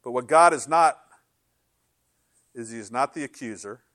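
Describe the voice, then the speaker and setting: A middle-aged male pastor preaching a sermon in an animated, conversational way, slipping into sarcastic quoted asides. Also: mid-range voice, moderate pace, no echo, clean studio sound.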